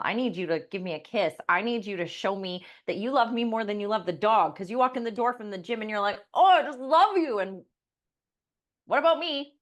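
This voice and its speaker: Woman co-host and coach, lively storyteller, mid pitch, plays out the people she quotes. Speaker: podcast co-host and life coach. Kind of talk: casual podcast chat.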